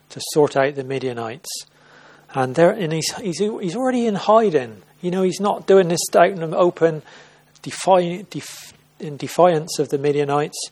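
A man's voice: a little high, darkish tone. A man giving an informal sermon at a church service, retelling a Bible story in a conversational way and often restarting and repeating words. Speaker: preacher.

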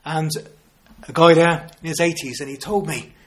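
Male preacher, 50s, earnest sermon delivery with rhetorical questions, slightly higher voice. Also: steady tone, normal speed. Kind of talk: evangelistic sermon.

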